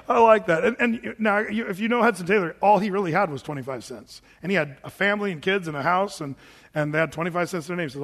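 A man's voice: high-pitched, quick pace, a bit bright. An American man preaching a sermon as pastor, in a conversational style full of asides and restarts. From United States. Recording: long hall reverb.

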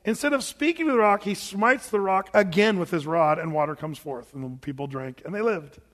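A man's voice: high-pitched, brisk, fairly bright tone, in a large hall. A man preaching a sermon, asking rhetorical questions and acting out scenes as he retells them. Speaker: pastor.

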